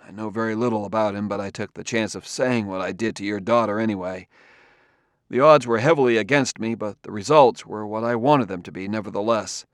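A man's voice: fairly low pitch, brisk, no room sound, studio quality, natural voice. A man reading an audiobook, voicing a determined Earthman detective who speaks in a clipped, insistent way.

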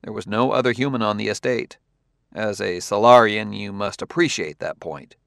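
A man's voice: on the low side, moderate pace, creaky, fairly bright tone, smooth, dry recording, studio quality. A man reading a pressing, methodical Earthman detective. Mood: insistent. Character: sharp, insistent Earthman detective, male adult. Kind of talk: audiobook character reading.

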